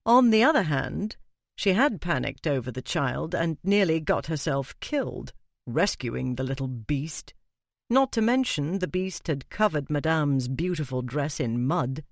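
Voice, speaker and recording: Guy reading a regency romance audiobook, lots of pitch movement, dry close sound. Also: measured pace, gravelly, no room sound. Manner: expressive storytelling with character voices. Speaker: audiobook narrator. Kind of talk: scripted audiobook narration.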